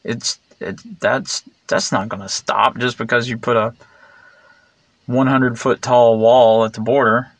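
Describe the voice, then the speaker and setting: Man, rough creaky voice, dry close recording, rambling, sarcastic, digressive. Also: medium pitch, a bit bright, no room sound. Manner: meandering, digressive, many fillers and restarts; blunt and sarcastic. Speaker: vlogger. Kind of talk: rambling opinion monologue.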